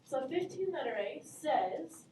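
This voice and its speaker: Upbeat and encouraging, a woman teaches math to her class in a high, bright voice, calling on students in an animated, unhurried way. She's far from the mic in an echoey room, with faint class murmur and a little hiss or hum.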